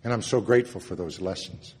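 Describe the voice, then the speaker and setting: A man sharing a personal recovery story at a meeting, earnest, moving between loud and hushed moments. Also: fairly low pitch, fast talker, a little hiss or hum. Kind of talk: personal testimony talk. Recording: long reverb of a hall.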